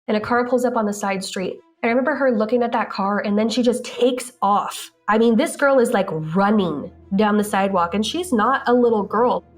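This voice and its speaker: A woman's voice: medium pitch, normal speed, few pauses, faint music behind. A woman casually telling a story, acting out the dialogue and saying "like" a lot. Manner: animated, acts out quoted dialogue, frequent "like". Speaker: interviewee recounting events.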